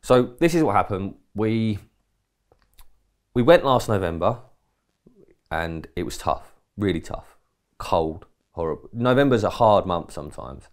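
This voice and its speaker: Deep-voiced man telling a rambling story. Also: unhurried, long pauses. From England. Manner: rambling anecdotes, lively quoted dialogue, mild swearing. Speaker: podcast co-host. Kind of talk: casual storytelling chat.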